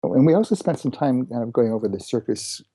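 A man's voice: medium pitch, animated, a little fast, warm tone, slightly rough. A man giving a plain, matter-of-fact progress report in a casual team meeting about game development.

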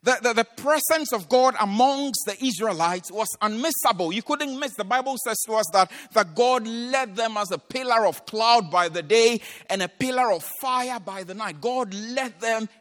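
A man's voice: extremely high pitch, normal speed, few pauses, a bit bright, long reverb tail. A man preaching a sermon, retelling a scripture story dramatically and acting out the voices of the people in it.

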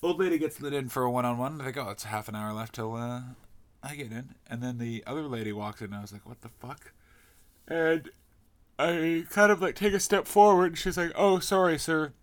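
A man's voice: medium pitch, no echo. A man, a comedian, telling a story in a casual monologue, swearing freely and ranting. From Canada. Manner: profane, ranting, quick shifts in loudness.

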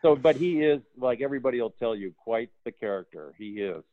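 A man spins animated anecdotes from his years as a film art director, slipping into the voices of the people he quotes and breaking into laughter. His voice arrives thin and narrow, like a phone line, with a dry, close sound. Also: medium pitch, fairly quick, dry recording. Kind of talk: casual storytelling interview.

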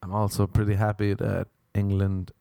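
A man's voice: fairly low pitch, monotone, normal speed, gravelly, warm tone, no room sound, studio quality. A young Irish man doing a rambling, sardonic stand-up comedy routine. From Ireland. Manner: rambling, sardonic observational storytelling.

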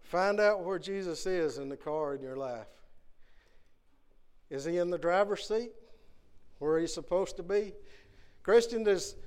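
A man's voice: sits high, measured pace, pauses often, darkish tone, clear, resonant tone. A man preaching a Sunday morning sermon in a church, earnestly putting question after question to the congregation. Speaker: guest preacher. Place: church sanctuary.

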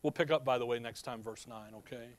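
A man's voice: mid-range voice, fast talker, no room sound. A man preaching a sermon in a conversational, storytelling way. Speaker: pastor.

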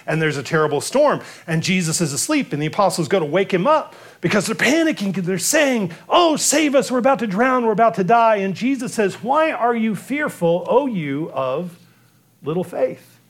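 A man preaching a sermon, acting out the quotes as he goes. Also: high voice. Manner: animated preaching, acts out biblical quotes. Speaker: pastor.

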